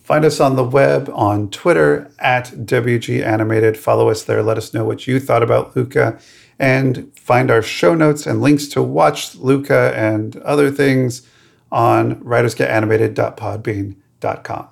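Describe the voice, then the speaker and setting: A man co-hosting a casual podcast, his voice heavily gravelly with a deep fry running under nearly every word. He talks in a playful way and is quick to poke fun at himself in little asides, at an ordinary middle pitch. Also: fairly even intonation. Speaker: podcast co-host.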